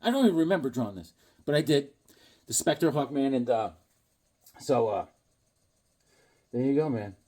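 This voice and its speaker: A man's voice: mid-range voice, expressive, moderate pace, long pauses, darkish tone. A man rambling casually while showing his drawings, chuckling and full of fillers and self-talk. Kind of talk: casual rambling show-and-tell.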